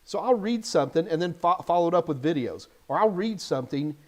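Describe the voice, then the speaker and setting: A man hosting a casual live Q&A stream as an IT certification instructor, chatty and animated, with jokey asides. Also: fairly high pitch, fairly quick.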